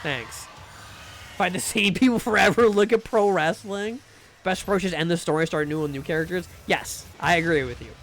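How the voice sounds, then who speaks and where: Young male streamer, high-pitched, rambling casual chat with restarts, at a desk mic. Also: a little fast, fairly bright tone, a little hiss or hum. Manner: rambling, many fillers and restarts. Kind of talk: casual livestream chat while gaming.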